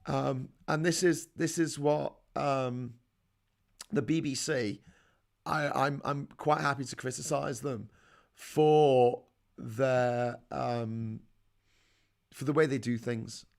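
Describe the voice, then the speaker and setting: A man's voice: medium pitch, steady tone, slow, creaky. A middle-aged man with a Scouse accent hosts a live call-in stream, reading viewer comments aloud and answering them with blunt, opinionated rants that swear and build in heat. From Liverpool, England. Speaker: host of a live call-in chat show.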